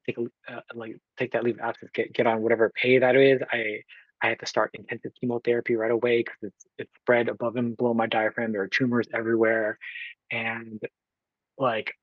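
Here the Oakland guest, a man in his twenties, sounds mid-range and monotone, talking fairly quickly with a slightly rough voice. It's conversational storytelling: he sincerely relates his own experience on a podcast, performing the dialogue and using many fillers. The sound is dry and dull.

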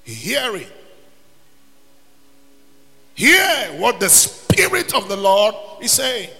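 A man preaching a sermon as pastor, building into shouts and sung phrases. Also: sits high, huge pitch swings, drawn-out words, creaky. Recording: long reverb with faint music.

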